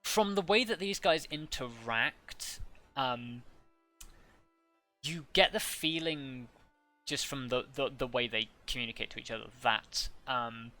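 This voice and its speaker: A man's voice: medium pitch, a little slow, sharp tone, faint music behind. A man narrating a tabletop game as game master, rambling with many fillers and restarts.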